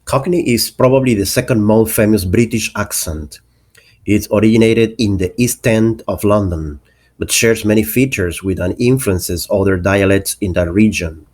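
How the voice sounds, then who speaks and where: A man's voice: on the low side, normal speed, darkish tone, breathy edge. A man teaching an English pronunciation lesson, carefully enunciating each example word.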